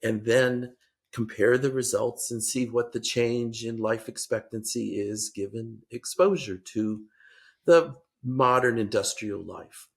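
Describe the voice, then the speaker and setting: An older man speaking as a policy expert guest in a podcast interview, measured and hesitant with frequent restarts. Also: medium pitch, creaky.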